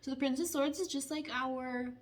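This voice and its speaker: A young woman giving a casual, playful tarot reading, chatty and animated as she talks through the cards. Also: high-pitched, moderate pace. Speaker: tarot reader.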